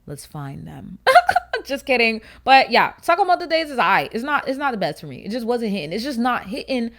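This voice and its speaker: A woman's voice: fairly high pitch, sing-song, fairly quick, fairly bright tone. A woman of twenty-one talking casually to camera as a YouTuber, chatty and slangy, rambling off on asides.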